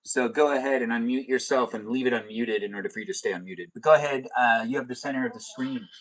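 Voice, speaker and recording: A man's voice: mid-range voice, fast, a bit bright. A man hosting a casual live stream, upbeat and playful as he directs the guests.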